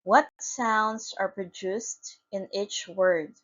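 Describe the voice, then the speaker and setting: Slow, deliberate woman teaching phonics. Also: mid-range voice, a bit bright, muffled recording. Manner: slow, deliberate, spells out letters. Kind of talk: phonics lesson narration.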